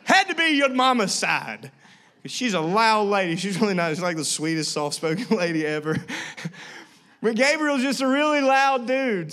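A man's voice: sits high, moderate pace. A man preaching a sermon as a pastor, telling family stories with playful asides and acting out voices. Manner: animated storytelling with playful asides and acted-out voices.

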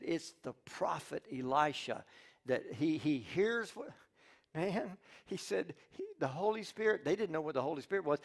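Male pastor, gravelly, slightly higher voice, animated storytelling sermon. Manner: animated storytelling, acts out characters' lines; restarts and repeats words often.

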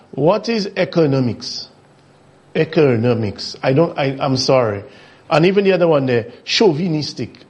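A male host gives political commentary in a slightly raised voice. He mocks his targets and fires off rhetorical questions. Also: fairly high pitch. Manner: mocking, full of rhetorical questions. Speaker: talk show host.

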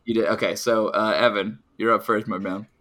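A man co-hosts a casual podcast, tossing out loose jokes and asides. His voice is bright and the recording is dry and close. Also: on the low side, fairly even intonation, no room sound. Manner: jokey, loose, quick asides. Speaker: podcast co-host. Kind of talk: casual chat.

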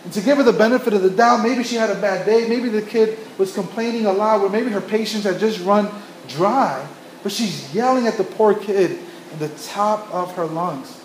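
A man's voice: high voice, moderate pace, a little hiss or hum. A man preaching a sermon as a pastor, telling stories earnestly with frequent restarts and repeated phrases. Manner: earnest storytelling with many restarts and repetitions. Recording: echoey room.

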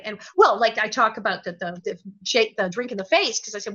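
A woman guest in an interview, telling stories with lots of energy and quick impressions. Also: a little high, dull audio. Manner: energetic, bursts into impressions and laughs. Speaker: interview guest, former child actress. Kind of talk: animated storytelling.

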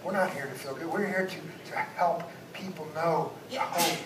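A man, a guest pastor, preaching a sermon and moving between loud exhortation and hushed asides. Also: a little high, moderate pace, a crowd in the background. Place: church sanctuary. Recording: echoey church sound from a distance, background noise.

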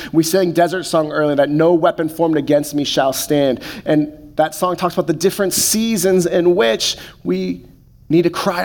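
A male pastor in his thirties delivers a sermon in a voice sitting a little high for a man. He moves steadily through scripture, then drops into soft, unhurried pauses to let a thought settle. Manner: measured preaching with slow, soft pauses.

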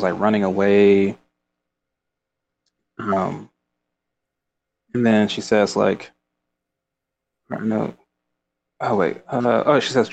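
Gravelly low man chatting about a book. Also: a little hiss or hum. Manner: rambling, with frequent fillers and laughs. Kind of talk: casual book discussion, reading passages aloud.

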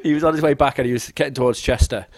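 A man, chatting casually as a podcast co-host and telling animated stories, jumping into the voices of people he quotes. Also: very fast, no room sound. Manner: animated, acts out quoted voices with big pitch jumps. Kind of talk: casual storytelling chat.

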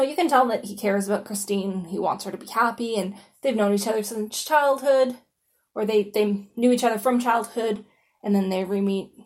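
A woman's voice: on the high side, darkish tone. A woman hosting a podcast in a casual solo monologue. She talks in a chatty, informal way, with lots of "you know" and "like", and swears freely. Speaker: podcast host.

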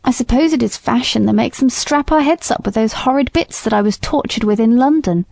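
Brief: spirited young mare, slightly raised plaintive voice, mellow and dry, read by a woman narrator. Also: a little high, a little fast, gravelly, no room sound, pitched above the performer's own voice. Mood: resentful.

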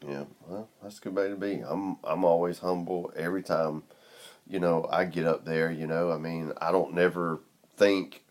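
A man's voice: deep voice, steady tone, moderate pace. A man in casual chat as co-host, teasing with dry jokes.

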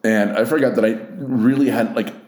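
A man's voice: mid-range voice, normal speed, darkish tone. Rambling, profane man. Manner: rambling, profane, self-deprecating. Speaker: podcast host. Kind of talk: casual solo chat. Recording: roomy echo.

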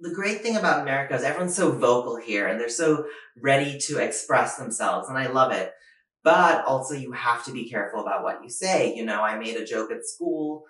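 Animated young man doing stand-up in an echoey room. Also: medium pitch, a little fast, recorded from a distance. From Asia. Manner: animated, self-mocking, acts out quotes in raised voices. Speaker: stand-up comedian. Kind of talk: stand-up comedy monologue.

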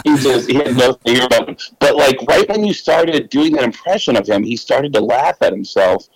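A man's voice: medium pitch, expressive, moderate pace, poor audio. A male comedian guest telling loose, casual anecdotes, swearing freely and laughing between lines.

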